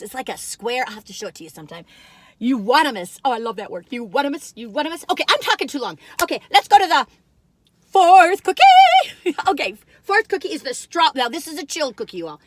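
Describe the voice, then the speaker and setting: A woman's voice: on the high side, fairly bright tone, no echo. An older woman, chatting casually and rambling to viewers while reviewing food in her car.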